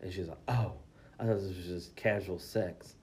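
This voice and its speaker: A man's voice: deep voice, normal speed, a little mellow. A young man co-hosting a casual podcast, telling a story with lots of swearing and acted-out quotes. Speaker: podcast co-host.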